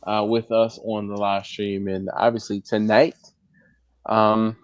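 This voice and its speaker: A man hosting a casual barbecue livestream, animated and laughing often, reading comments aloud and breaking into high put-on voices. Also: a little slow, no echo. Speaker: livestream host. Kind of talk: casual live-stream chat.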